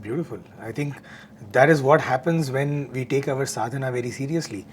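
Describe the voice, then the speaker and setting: A man's voice: mid-range voice, brisk, slight background noise. A man hosting a devotional discussion, speaking earnestly with many "you know" fillers. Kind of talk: conversational satsang discussion.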